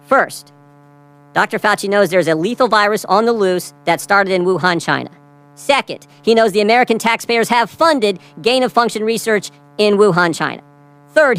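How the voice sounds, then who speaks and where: A man's voice: high-pitched, a bit bright, poor audio. A man giving a prepared statement at a hearing, emphatic and repeating key phrases for effect. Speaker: lawmaker speaking at a hearing.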